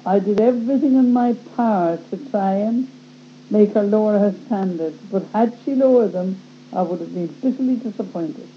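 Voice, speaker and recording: A woman's voice: medium pitch, normal speed. A woman telling a personal story in a plain, wry way, recorded on a dull lo-fi tape with a faint hum. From Ireland. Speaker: speaker giving testimony.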